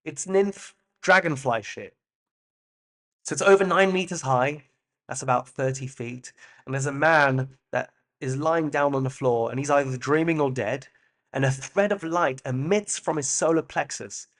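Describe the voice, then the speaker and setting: A man's voice: medium pitch, moderate pace, fairly bright tone. A man hosting a solo podcast, musing in a playful way with loose asides and the occasional swear word. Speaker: podcast host. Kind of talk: reflective solo monologue.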